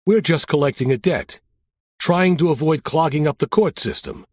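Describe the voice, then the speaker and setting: A man doing a gruff Brooklyn mob boss. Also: on the high side, normal speed, darkish tone, dry recording, studio quality, pitched above the performer's own voice, lightly acted. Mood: cool. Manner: gruff, tough-talking. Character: stout older mob boss man, surly and cocky.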